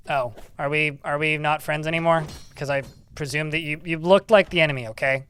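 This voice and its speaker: A man's voice: fairly high pitch, steady tone, fairly quick, few pauses, a bit bright, clean tone. A man streaming a video game live, commenting on the action with dry, sarcastic asides and reading the game's text aloud.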